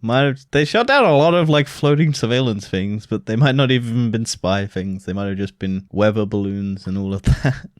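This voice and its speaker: A man from Britain co-hosting a podcast, teasing and chatting casually with quick laughs. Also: on the low side, lively intonation, no room sound, clean studio sound. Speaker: podcast co-host. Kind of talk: casual chat.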